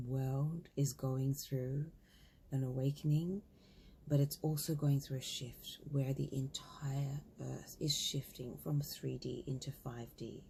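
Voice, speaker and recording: A woman's voice: very deep voice, creaky, dark tone, slight background noise. A woman in her thirties telling a story casually, acting out both sides of a conversation. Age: 30s. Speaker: spiritual vlogger.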